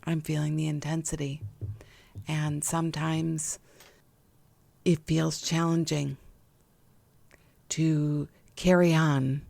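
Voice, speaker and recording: A woman hosting a gentle spiritual podcast, talking in a slow, soothing and affectionate way with soft laughs. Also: low-pitched, level tone, gravelly, no room sound. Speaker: podcast host and intuitive healer. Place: home room with window open.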